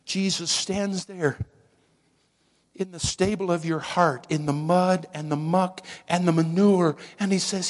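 Slow, dramatic male preacher. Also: sits high, steady tone. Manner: slow, dramatic preaching with hushed whispered moments. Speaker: pastor. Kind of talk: sermon.

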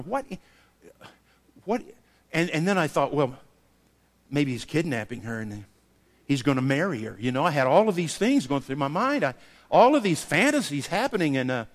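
A man preaching a sermon, telling a personal story and acting out the dialogue with lively variation. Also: a little high. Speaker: pastor. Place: church sanctuary. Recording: long hall reverb.

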